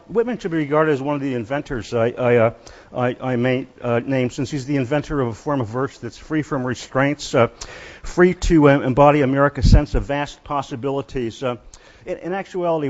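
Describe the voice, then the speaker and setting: A male literature professor gives a university lecture in a lecture hall, speaking in a halting way, often pausing and starting over. His voice sits at an ordinary middle pitch. The recording sounds a little muffled and dull.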